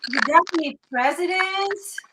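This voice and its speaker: Female interview host, high-pitched, slow and easygoing, loud noise on the call line. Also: expressive. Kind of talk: live interview. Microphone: video call.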